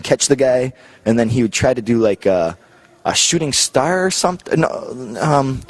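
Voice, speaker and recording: Husky young man telling wrestling stories. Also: mid-range voice, lively intonation, moderate pace. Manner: chuckles often, anecdotal. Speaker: guest, professional wrestler. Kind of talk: casual interview storytelling.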